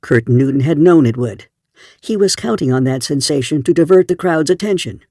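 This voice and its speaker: A man narrating an audiobook in a steady storytelling voice. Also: on the high side, a little fast, no room sound, clean studio sound. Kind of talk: scripted narration.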